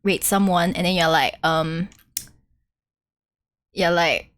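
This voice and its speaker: A woman's voice: lowish voice, fairly even intonation, takes it slowly. A woman game streamer chatting casually during a live playthrough, giggly and full of fillers. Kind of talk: casual live-stream chat over gameplay.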